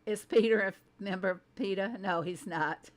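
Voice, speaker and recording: A woman speaks with a Southern American twang in an easygoing, mid-pitched voice. She hosts a casual reaction commentary, chatting with her viewers. She often breaks into laughter and teases herself. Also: normal speed. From Southern United States. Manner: chatty, laughs often, self-deprecating asides. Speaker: host.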